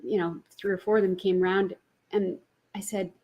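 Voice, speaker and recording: Woman, spiritual teacher, personal story, husky, laughs a lot, animated. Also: mid-range voice, normal speed, highs cut off. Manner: laughs often, animated retelling.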